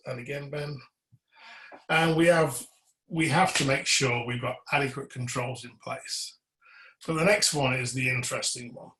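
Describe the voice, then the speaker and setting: A man's voice: medium pitch, fairly bright tone. A man presents a webinar on electrical compliance in an earnest, emphatic way. His voice sits in a middle register. The audio carries a noticeable roomy echo. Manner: earnest, emphatic, asks the audience pointed questions; cues slides to a colleague.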